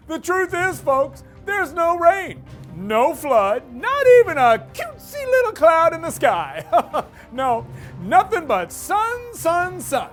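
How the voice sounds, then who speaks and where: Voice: sits high, full character voice. A performer playing a boastful, smug male TV weatherman in a comedy skit, chuckling and showing off as he talks. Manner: cocky, chuckling, showy.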